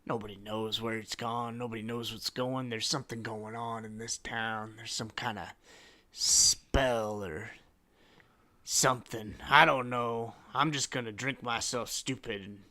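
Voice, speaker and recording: A man's voice: medium pitch, steady tone, a little slow, sharp tone. A man voicing a drunk, fed-up male villager who rambles on and complains. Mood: grumbling.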